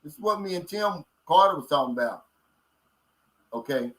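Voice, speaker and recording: A man's voice: fairly high pitch, animated, moderate pace, fairly bright tone, rough recording. A man in his late fifties with a Kentucky accent, chatting casually with viewers as a vlogger, folksy and blunt. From Kentucky, USA. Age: 50s. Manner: folksy and blunt, drawls out filler words. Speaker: vlogger reading viewer comments. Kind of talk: casual livestream chat.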